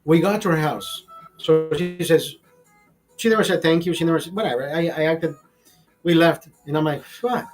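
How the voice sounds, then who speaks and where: A man's voice: fairly high pitch, moderate pace, loud music behind the voice. Profane rambling man in his fifties. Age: 50s. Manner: profane, rambling, animated retelling with many restarts. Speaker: vlogger telling a personal story. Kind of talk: casual storytelling.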